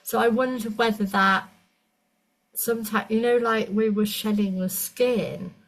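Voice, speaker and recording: A woman's voice: fairly high pitch, steady tone, rough recording. A woman, an energy medicine practitioner chatting with a client and telling stories in a rambling way. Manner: chatty storytelling, restarts, quick asides. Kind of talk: casual conversation with a client.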